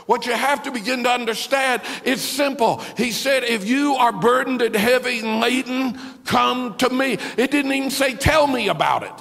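A male pastor preaching in a large church, his high voice carrying a gravelly edge. He drops to near-hushed tones, then climbs to shouts, and acts out the voices he quotes. The sound rings with a long hall echo. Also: normal speed, hardly any pauses. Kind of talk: sermon.

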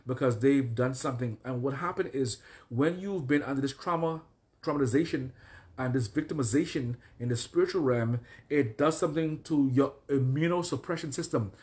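A man's voice: medium pitch, a little mellow. A man preaching a deliverance sermon as a prophet, listing troubles in repeated phrases and then commanding prayers. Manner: repetitive, declaring and commanding prayers.

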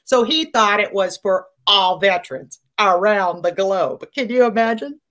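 Enthusiastic lady co-host, bright crisp voice, loves telling a story. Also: medium pitch, unhurried. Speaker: co-host of a veterans show. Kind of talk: casual chat, storytelling.

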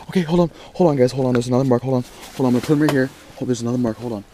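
A young man vlogging outdoors on a frozen lake, casually talking to his viewers and getting excited. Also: medium pitch, rapid-fire, hardly any pauses, a little hiss or hum. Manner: excitable, talks straight to viewers. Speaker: fishing vlogger. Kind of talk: casual vlog commentary.

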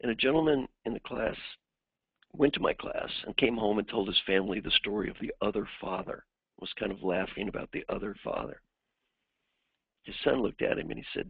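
Male executive coach lecturing with stories; husky voice, dry close sound. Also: lowish voice, fairly quick, dry recording. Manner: animated storyteller who acts out the people in his stories. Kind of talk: lecture with anecdotes. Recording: dry, phone-like narrowband sound.

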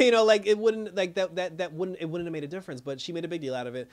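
Male reviewer, slightly high voice, loose, slangy, laughing recap. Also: quick pace. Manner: animated, laughing, slangy storytelling. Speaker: TV episode reviewer. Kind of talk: casual recap and commentary.

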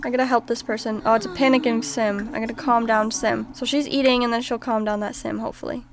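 Chatty woman gamer, fairly high voice. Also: fairly even intonation, quick pace, slight background noise. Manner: chatty, reacts aloud to the game. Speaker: gaming channel host. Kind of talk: casual let's-play commentary.

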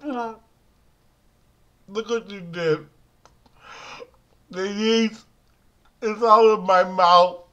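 Comic sketch: man as a whiny, melodramatic scavenger, high-pitched, slow. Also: fairly even intonation, bright, forceful tone, clean tone, dull audio, full character voice. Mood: lamenting. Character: battered, self-pitying man who scavenges cans. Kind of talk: comic character monologue to camera.

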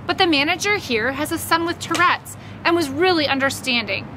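A woman's voice: high voice, lively intonation, a little fast, a little hiss or hum. Woman voicing a breezy, reassuring mom. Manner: breezy, reassuring, gently firm. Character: upbeat easygoing mother, middle-aged woman. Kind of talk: audiobook reading.

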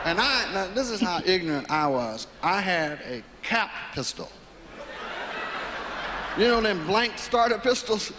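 A man telling a stand-up comedy story, profane and animated. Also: sits high, a little slow, noisy background.

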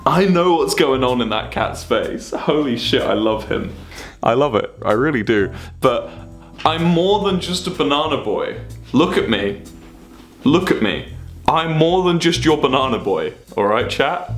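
A man's voice: mid-range voice, animated, measured pace, roomy sound, faint music behind. A young man streaming, reacting to fan memes in casual, sweary, mock-indignant banter.

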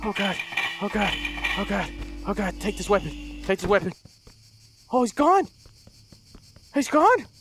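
A man's voice: high-pitched, big pitch swings, measured pace, pauses often. A man doing let's play commentary, jumpy and profane, shrieking when startled and muttering repeated nervous words. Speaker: gameplay commentator. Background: game music.

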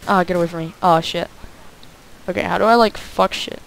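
High-voiced young man joking through gameplay. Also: steady tone, fairly quick, gravelly, no room sound, low-quality recording. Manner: rambling, jokey, says "like" a lot. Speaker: gameplay commentator. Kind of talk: casual gameplay commentary. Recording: faint hiss.

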